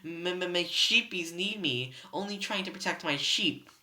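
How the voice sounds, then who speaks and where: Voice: mid-range voice, animated, unhurried, sharp tone. A reader voicing a bellowing, blubbering cyclops. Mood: pleading. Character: huge brutish male cyclops, childish and sulky. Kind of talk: reading a novel aloud. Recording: roomy echo.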